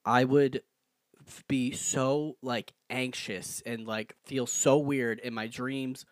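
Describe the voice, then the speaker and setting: A young man co-hosting a casual podcast, telling stories in an animated way and jumping into loud, high voices when he quotes people. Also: slow, no echo, clean studio sound. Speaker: podcast co-host. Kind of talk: casual chat. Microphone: podcast mic without pop filter.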